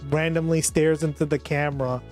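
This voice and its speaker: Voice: mid-range voice, steady tone, a little fast, a little mellow, faint music behind. A live streamer chatting casually with viewers, teasing, swearing and reacting to videos.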